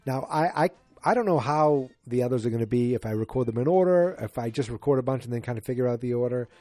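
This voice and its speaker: A man's voice: medium pitch, animated, mellow, no room sound, faint music behind. A man in his forties hosting a casual solo podcast, rambling and joking as he retells a sitcom episode and acts out lines. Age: 40s. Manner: rambling, jokey, acts out characters in quick bursts. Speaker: podcast host.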